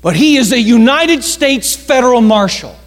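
A man voicing a female flight attendant who confides in a passenger, speaking slowly and emphatically. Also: fairly high pitch, lively intonation, in a large hall, pitched above the performer's own voice, natural voice. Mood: confiding.

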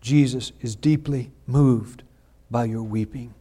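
A man preaching a sermon, reading scripture and swinging from hushed, slow lines to loud, drawn-out emphatic ones. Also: medium pitch, husky. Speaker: pastor.

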